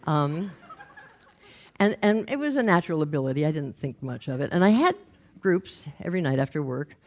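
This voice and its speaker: A woman's voice: low voice, expressive, moderate pace. An older woman telling a personal story in a wry, conversational way. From raised in Los Angeles. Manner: wry, conversational, acts out quoted voices. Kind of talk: storytelling talk.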